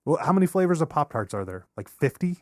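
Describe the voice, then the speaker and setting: A man's voice: fairly high pitch, fast talker, no echo, clean studio sound. A man co-hosting a podcast in casual chat, swearing often and telling stories with sudden incredulous outbursts. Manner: profane, animated storytelling with outbursts. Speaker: podcast co-host.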